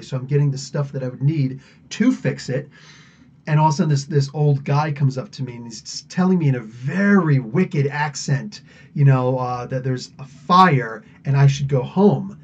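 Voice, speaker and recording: Man, podcast host, rambling casual chat, mellow husky voice, dull lo-fi sound. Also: medium pitch, moderate pace. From United States. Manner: rambling, chatty, laughs often. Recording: dull lo-fi audio.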